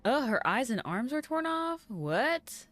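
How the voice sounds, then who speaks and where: A woman's voice: sits high, very animated, unhurried, fairly bright tone. A woman giving chatty, reactive commentary while playing a video game. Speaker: gameplay streamer. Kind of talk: casual gameplay commentary.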